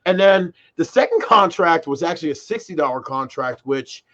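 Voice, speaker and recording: A young man in his twenties chats casually as co-host, rambling excitedly through personal stories. His voice sits a little high. The audio is muffled and lo-fi. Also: moderate pace. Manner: excitable storyteller, many fillers like "like" and "freaking". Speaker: podcast co-host. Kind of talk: casual chat.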